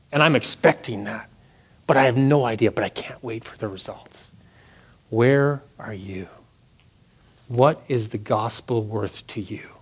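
A man's voice: mid-range voice, husky. Earnest man telling a church testimony. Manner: earnest storytelling, drops to hushed tones. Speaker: church speaker sharing a testimony. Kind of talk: sermon testimony.

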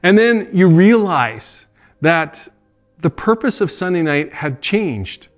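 A man's voice: high voice, very animated, slow pace, faint music behind. A middle-aged man preaching a sermon as a pastor, earnest and conversational, with asides and self-corrections.

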